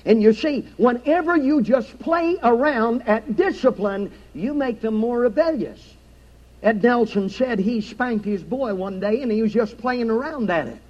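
A man's voice: extremely high pitch, lively intonation, measured pace, darkish tone, highs cut off. A man preaching a sermon in a church, reciting scripture with an emphatic preaching cadence. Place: church sanctuary.

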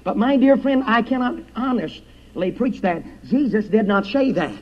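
A man preaching a revival sermon, swinging from hushed words to loud ones. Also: high-pitched, animated, normal speed. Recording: dull lo-fi recording.

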